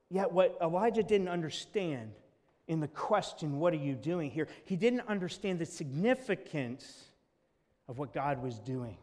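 A man's voice: a little high, expressive, unhurried, darkish tone. A male pastor preaching a sermon in earnest tones, reading scripture aloud to his congregation. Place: church sanctuary. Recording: long church hall reverb.

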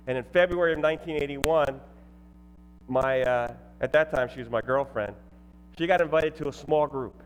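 Man telling stories from a church stage. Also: mid-range voice. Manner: casual, joking storyteller with fillers and restarts. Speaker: former elder and guest speaker at his old church. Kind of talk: personal testimony to a congregation. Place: church sanctuary. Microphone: headset or ear mic. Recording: long reverb of a large church.

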